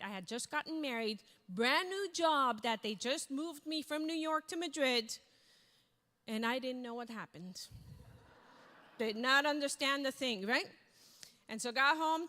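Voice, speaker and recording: A woman speaker on stage telling a story with energy and acting out the voices of people she quotes. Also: high-pitched. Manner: animated, acts out quoted voices. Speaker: keynote speaker. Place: large event hall. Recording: reverberant hall.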